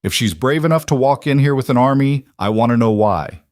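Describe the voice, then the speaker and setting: A man's voice: medium pitch, lively intonation, fairly quick, a little mellow, dry recording, clean studio sound, pitched above the performer's own voice, lightly acted. A man voicing a blunt, terse middle-aged male wolf-shifter alpha in an audiobook. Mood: gruff. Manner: blunt, terse, rough-edged.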